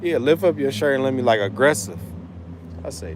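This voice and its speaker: Medium-pitched, expressive and brisk, this livestream host is a trucker with school-age kids who rambles in a loose, emphatic, heavily profane way. Slight hiss or hum sits in the audio.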